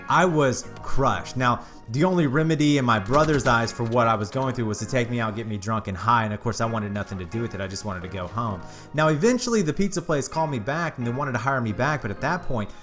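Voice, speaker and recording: A man's voice: medium pitch, a bit bright. A man hosting his own channel, candidly telling a personal story to his viewers in a casual, earnest way. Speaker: YouTube channel host.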